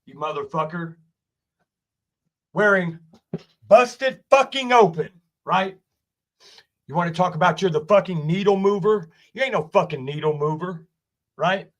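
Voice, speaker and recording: Speaking at a normal speed with long pauses, a wrestling streamer in his forties curses his way through an angry basement rant. His voice is on the high side and somewhat bright, and he repeatedly asks "right?"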